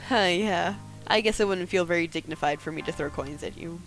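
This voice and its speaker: A woman's voice: lowish voice, a little fast, faint music behind, close to an everyday voice. A woman voicing a cheerful, talkative woman friend in her thirties, reading her lines in a game playthrough. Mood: chatty.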